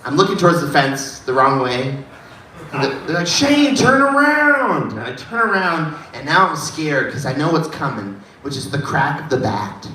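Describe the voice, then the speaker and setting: Laid-back comedian in an echoey bar. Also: male voice, mid-range voice, expressive, normal speed, bright, forceful tone. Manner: laid-back storytelling, "dude" asides. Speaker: stand-up comedian. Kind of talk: open mic stand-up set. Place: dive bar comedy room. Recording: echoey bar room, distant mic, faint noise.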